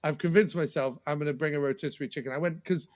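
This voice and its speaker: A man's voice: a little high, fast talker. A man hosting a podcast, telling stories in casual chat, acting out scenes and swearing freely. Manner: animated storyteller, swears freely, acts out scenes. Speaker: podcast host.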